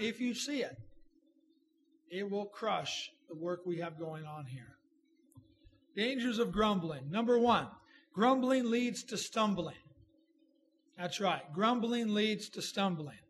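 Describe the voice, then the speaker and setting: Male pastor, high bright voice, impassioned sermon delivery with shouts and hushed drops, faint room noise. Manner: impassioned, swinging from shouts to low murmurs.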